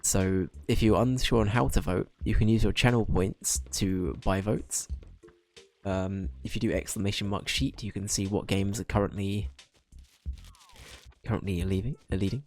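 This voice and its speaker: A man's voice: on the low side, steady tone, moderate pace, darkish tone, faint music behind. A young man chatting casually while streaming a game. He rambles, restarts his sentences and laughs often.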